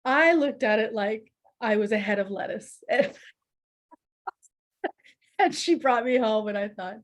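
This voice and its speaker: A middle-aged woman, a podcast guest telling family stories in a lively, laughing, conversational way. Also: a little high, unhurried, pauses often. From Canada. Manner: laughs often, animated anecdotes with acted quotes. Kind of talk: conversational storytelling.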